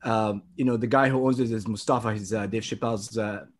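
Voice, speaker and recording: A man's voice: fairly low pitch, steady tone, fairly quick. A man who works as a comedy producer, a guest on a podcast, talking casually with lots of hesitation and fillers.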